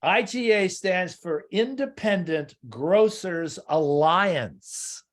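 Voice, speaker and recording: Brief: older male musician, slightly high voice, hesitant and wry, at home on a video call. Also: animated. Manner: halting, stammering restarts, wry understatement. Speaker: guest, singer-songwriter. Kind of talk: casual interview chat. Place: his house.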